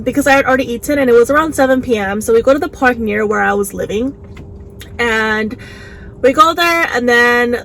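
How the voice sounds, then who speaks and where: A young woman vlogger chatting casually while eating, animated and full of "like"s, recorded on a phone in a car. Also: a little high, poor audio. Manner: chatty, animated, many "like"s, acts out quotes. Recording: faint background noise, phone recording.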